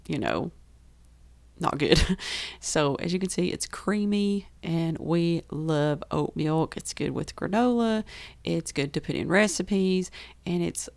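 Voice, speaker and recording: A woman from the rural American South with a gravelly, fry-tinged voice, chatting enthusiastically as she narrates her kitchen baking vlog. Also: on the low side, darkish tone, no room sound. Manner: chatty and enthusiastic, laughs easily. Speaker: homestead baking vlogger. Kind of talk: casual voice-over narration.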